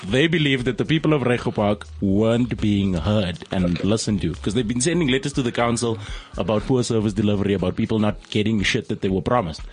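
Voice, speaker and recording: A man's voice: fairly low pitch, fairly quick, few pauses, darkish tone. A man co-hosting a radio show, chatting casually, swearing freely and laughing often. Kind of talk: casual studio banter.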